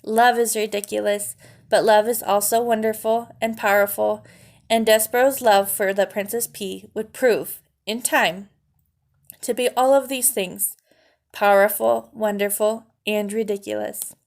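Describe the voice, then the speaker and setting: A woman reading a children's novel aloud with an expressive storytelling cadence. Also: mid-range voice, measured pace, gravelly. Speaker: narrator.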